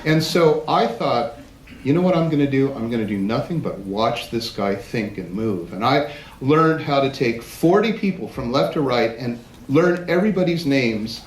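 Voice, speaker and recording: A man giving a live platform presentation, telling lively anecdotes and acting out other people's lines for an audience. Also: mid-range voice, moderate pace. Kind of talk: storytelling talk to a live audience. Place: large event hall. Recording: roomy hall with faint noise.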